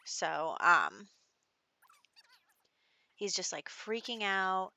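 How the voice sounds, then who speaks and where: A woman's voice: medium pitch, sing-song, drawn-out words, sharp tone, dry recording. A woman casually narrating her life-sim game, chatty and storytelling, with lots of filler words. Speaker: gameplay narrator. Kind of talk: casual let's-play narration.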